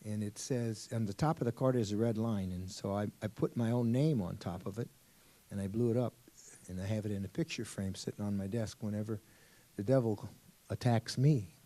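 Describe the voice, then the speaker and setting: A priest giving a storytelling sermon to teenagers, asking them questions along the way. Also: male voice, lowish voice, a little fast, mellow. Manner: storytelling, asks the audience questions.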